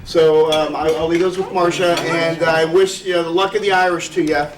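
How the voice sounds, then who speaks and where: Chatty politician, high voice, echoey hall, far from the mic. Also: male voice, little pitch movement, moderate pace, crowd noise. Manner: self-deprecating, chatty. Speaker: state representative. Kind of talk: speech and joke-telling at a community party. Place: senior center hall.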